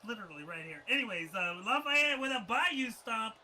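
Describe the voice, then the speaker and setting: A man calling a wrestling match play-by-play, who laughs and breaks into shouts at the big moves and chats loosely between them. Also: extremely high pitch, sing-song, moderate pace, a little hiss or hum, low-quality recording. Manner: chatty, many fillers and restarts. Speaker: wrestling commentator. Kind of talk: live play-by-play commentary.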